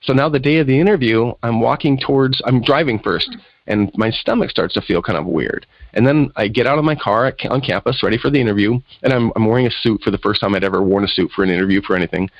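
A man with a mid-range voice, appearing as an interview guest, tells a personal story at a quick pace and animatedly acts out the voices of the people in it. The recording is dry with the highs cut off.

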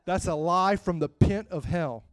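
High-voiced preacher, quiet to loud. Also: male voice, a little slow, no echo, soft background music. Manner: calls out to the congregation. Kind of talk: sermon.

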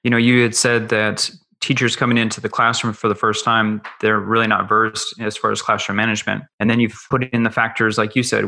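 A man with a low, bright voice asks long, winding questions as the interview host. He speaks as a fellow educator who is drawing out his guest. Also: gravelly. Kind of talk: conversational interview.

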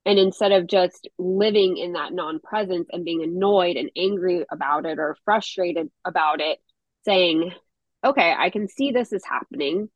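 A woman's voice: lowish voice, normal speed, no echo, muffled recording. A woman guest on a podcast, a mother, talking in an earnest, reflective way and laughing easily. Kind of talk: casual podcast conversation.

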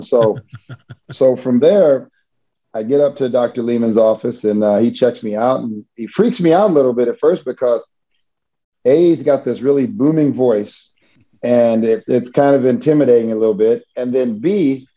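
A man from Missouri, in a relaxed interview, tells a personal story with chuckles and frequent restarts. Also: medium pitch, moderate pace, dull audio. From Missouri, USA. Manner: casual, chuckling, many restarts.

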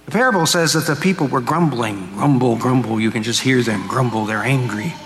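A man's voice: mid-range voice, fairly quick, a bit bright. A male pastor preaching a homily, retelling a parable in a storytelling way and acting out its speakers. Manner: storytelling, acts out quotes. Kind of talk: sermon. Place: church. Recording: echoey church hall, faint ambience.

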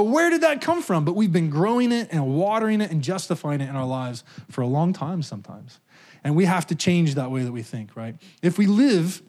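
A man preaching a sermon in a conversational way, checking in with the congregation and acting out quoted thoughts. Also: a little mellow. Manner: acts out quoted thoughts and voices with sudden pitch jumps. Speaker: pastor.

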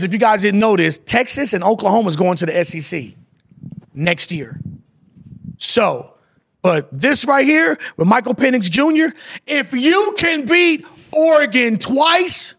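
A man co-hosting a lively sports panel, talking in a high, bright register. He talks with hype and slang, throwing questions at the others. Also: normal speed. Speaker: sports show co-host. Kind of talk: casual sports panel chat.

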